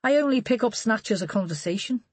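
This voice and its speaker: A woman's voice: fairly high pitch, animated, a little fast, no echo, pitched above the performer's own voice. A woman voicing a genial middle-aged man who gossips in a chatty, wry, knowing way, in an audiobook reading.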